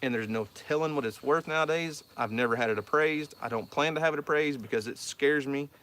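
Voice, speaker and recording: A man's voice: fairly high pitch, fairly quick, fairly bright tone. An Oklahoman man from South Central Oklahoma, the host of a homestead channel, chatting casually and telling a rambling story as he answers viewer questions. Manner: rambling storyteller, repeats words.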